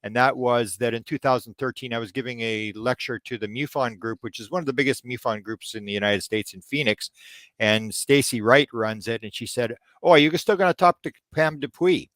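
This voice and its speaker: A man's voice: medium pitch, brisk, no echo. A man in his sixties from Canada, answering interview questions in a rambling way, with many restarts and hesitations. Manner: hesitant, frequent restarts and ums, then animated when retelling stories. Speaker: guest researcher.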